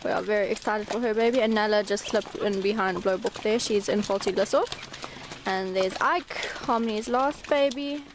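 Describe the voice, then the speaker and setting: A woman's voice: moderate pace, background noise. A woman vlogging as she walks through her stables, chatting to viewers and calling out to the horses. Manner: chatty, calls out to horses in a high sing-song. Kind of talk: casual walk-and-talk vlog.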